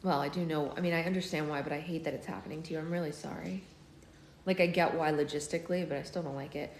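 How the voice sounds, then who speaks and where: A woman's voice: deep voice, fairly even intonation, quick pace, slight background noise, low-quality recording. A woman hosting a casual book club live stream from home, chatting as she answers her viewers' comments aloud. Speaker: book club livestream host. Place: at home, on the couch under a blanket. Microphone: phone on a tripod.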